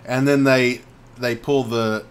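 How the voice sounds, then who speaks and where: A man's voice: mid-range voice, steady tone. A young man co-hosting a casual chat show, joking and rambling. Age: young adult. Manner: joking, rambling, quick to laugh. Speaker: co-host.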